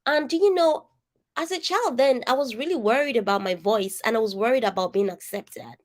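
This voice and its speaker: A woman's voice: on the high side, a little fast. A Nigerian woman with a distinctive, somewhat nasal voice and an accent, coaching a group over a video call in an earnest, emphatic way, speaking straight to her listeners. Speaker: coach leading an online session. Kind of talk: interactive coaching talk.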